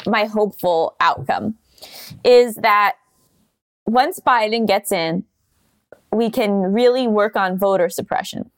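A young woman co-hosting a podcast who talks casually in an earnest, thoughtful way, often pausing and hedging. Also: mid-range voice. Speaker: podcast co-host. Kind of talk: casual chat.

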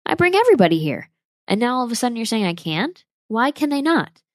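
A woman voicing a passionate, indignant male tour guide who protests loudly in a raised voice. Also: extremely high pitch, very animated, fast talker, no room sound, studio quality, pitched above the performer's own voice. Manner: loud, exasperated protesting.

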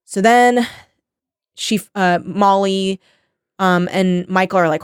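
Woman podcaster rambling through a book plot, smooth clear voice, dead dry sound. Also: mid-range voice, slow pace, long pauses, no room sound. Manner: rambling plot summary with quoted voices and swearing. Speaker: podcast co-host. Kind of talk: casual book recap chat.

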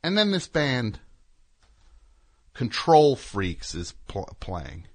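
A man's voice: medium pitch, wildly swooping pitch, drawn-out words. A man hosting a show, telling a rambling, sarcastic, indignant story as a comedic rant. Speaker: host.

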